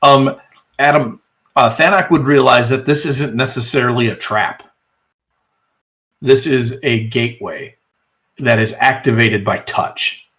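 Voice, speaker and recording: A man narrating as game master of a tabletop role-playing game, relaxed and hesitant with frequent pauses. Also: mid-range voice.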